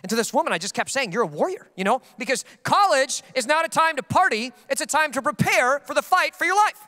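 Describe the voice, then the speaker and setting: Guy pastor preaching quick and chatty, high bright voice, long hall echo. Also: expressive. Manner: casual, joking, self-deprecating. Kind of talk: sermon.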